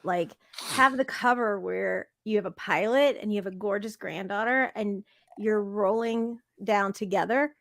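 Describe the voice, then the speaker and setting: A woman chatting as a guest on a podcast, telling stories in a gushing, animated way with many restarts. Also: mid-range voice, dry recording. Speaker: podcast guest, fellow show host. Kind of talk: casual conversation.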